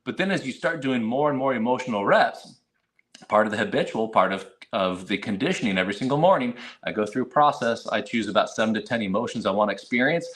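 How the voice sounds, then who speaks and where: A man talking casually on a podcast, telling lively stories and acting out little quoted moments. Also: mid-range voice, fast talker. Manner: animated storyteller, acts out quotes, frequent restarts. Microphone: remote video call.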